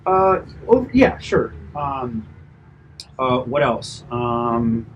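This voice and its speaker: Guy trainer talking through a client session, chatty and lively, middle pitch, slight hiss behind. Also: very slow, dull audio. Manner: chatty, animated, many fillers and asides. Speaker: personal trainer. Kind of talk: casual coaching debrief.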